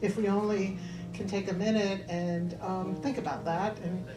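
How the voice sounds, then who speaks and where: A woman's voice: medium pitch, fairly even intonation, moderate pace, loud music behind the voice. A woman minister giving church announcements and a sermon, chatting with the congregation. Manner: chatty, warm asides to congregation. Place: church hall. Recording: roomy hall, voice from far off.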